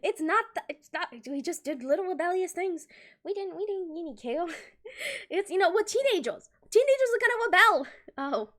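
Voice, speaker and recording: A woman's voice: extremely high pitch, moderate pace. A young woman streaming live, telling school stories to her chat in a casual, giggly way, acting out quoted lines. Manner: giggly, animated, acts out quotes.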